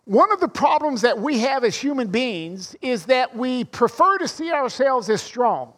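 Male pastor, very high voice, earnest sermon delivery with emphatic quotes. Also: very animated, measured pace, fairly bright tone. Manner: prays and preaches, stresses quoted phrases.

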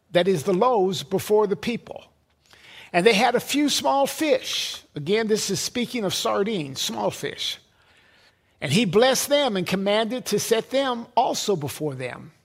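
Husky high-voiced male preacher. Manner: emphatic, repeats words and builds lists. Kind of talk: sermon.

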